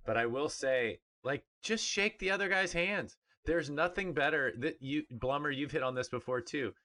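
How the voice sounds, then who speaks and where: A middle-aged man who used to play professionally co-hosts a sports podcast, chatting casually and emphatically. His voice sits on the high side at a moderate pace. He's animated and emphatic, and he mimics other people in funny voices.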